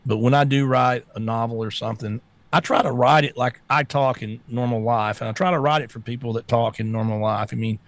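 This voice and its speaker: A man's voice: mid-range voice, no echo. Blunt, sarcastic male co-host. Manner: blunt, sarcastic, swears freely. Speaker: talk show co-host. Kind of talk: casual political chat.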